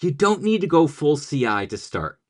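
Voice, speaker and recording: A man's voice: fairly high pitch, sing-song, moderate pace, a little mellow. Male teaching coach, scripted explainer, punchy and playful, voice swings up and down a lot. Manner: upbeat, jokey, punchy delivery.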